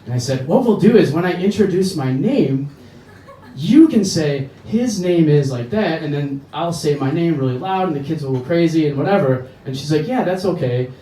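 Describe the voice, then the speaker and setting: This American comedian's voice runs high, expressive and warm as he delivers a crude, rambling stand-up set with rapid voice switches at a bar comedy stage. Captured from afar in an echoey bar, the audio carries a little hiss or hum.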